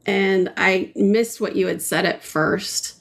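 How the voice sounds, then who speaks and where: Woman livestream host, unhurried and chatty, gravelly edge, playful banter with viewers. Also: mid-range voice, fairly even intonation. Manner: chatty, playful, reads and answers comments. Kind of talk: casual chat while painting live.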